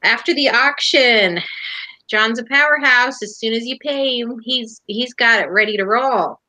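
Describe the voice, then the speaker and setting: A woman co-hosting a live auction stream, giving brisk, upbeat instructions to bidders. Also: a little high, sharp tone, no echo, poor audio. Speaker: auction show co-host. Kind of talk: casual announcements.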